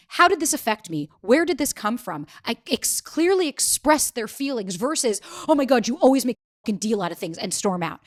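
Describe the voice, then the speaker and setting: A quick-talking woman in her thirties answers interview questions as a dating coach. She is animated and slips into acted-out quotes. Her pitch sits in an ordinary middle range. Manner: animated, acts out quoted dialogue.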